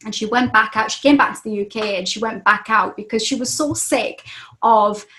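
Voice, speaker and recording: Geordie actress, female guest, higher voice, animated raconteur. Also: normal speed. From North East England. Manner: animated storyteller who acts out other people's voices. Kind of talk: casual chat.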